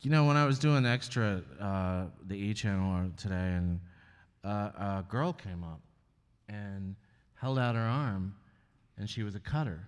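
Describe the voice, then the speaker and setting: A male comedian as guest in a live on-stage conversation, talking candidly and wryly, often halting and restarting. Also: fairly low pitch, expressive, smooth, long reverb tail. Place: stage at an arts venue before an audience.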